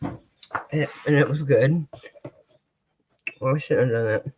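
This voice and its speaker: A woman's voice: extremely low pitch, measured pace, a little mellow, slightly rough. An American woman chatting casually on a live stream, swearing freely and talking straight to her viewers. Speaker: vlogger.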